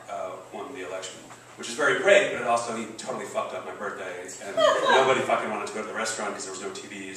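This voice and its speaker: A man's voice: fairly low pitch, pushed and bright, a little hiss or hum. Man, forties, stand-up storyteller, profane, rambling, far from the mic, echoey room. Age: 40s. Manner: profane, rambling, self-deprecating. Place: stage in a comedy venue. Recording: roomy, distant live venue recording. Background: audience laughter.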